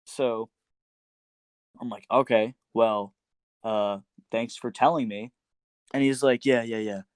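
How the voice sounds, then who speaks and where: A man's voice: mid-range voice, fairly even intonation, slow pace, dry recording. A young man on a casual podcast, retelling a breakup story with lots of fillers and restarts, switching into raised voices when he quotes others. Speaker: podcast guest telling a story.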